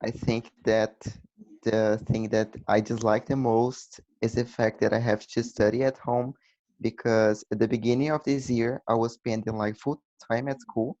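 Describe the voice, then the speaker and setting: Calm young man. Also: mid-range voice, no echo. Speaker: student. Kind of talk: casual class discussion. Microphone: video call. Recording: dry, muffled video call.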